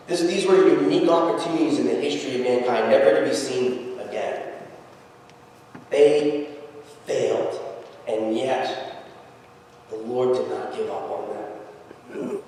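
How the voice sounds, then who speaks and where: A man pastor preaching a sermon, telling the scripture story with lively acted-out quotes. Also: mid-range voice, a little hiss or hum. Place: church sanctuary. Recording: echoey church hall from far off.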